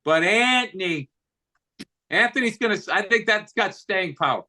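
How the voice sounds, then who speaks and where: A man's voice: high-pitched, lively intonation, moderate pace, sharp tone. A middle-aged man with a Boston accent, co-hosting a podcast in casual comedic chat, ranting profanely and sarcastically. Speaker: podcast co-host.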